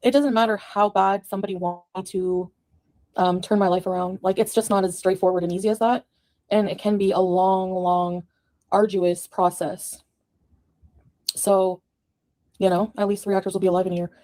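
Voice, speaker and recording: A woman's voice: medium pitch, flat delivery, moderate pace, dark tone. A woman in a played clip delivering an angry, profane rant to the camera, scornful and cursing at her critics.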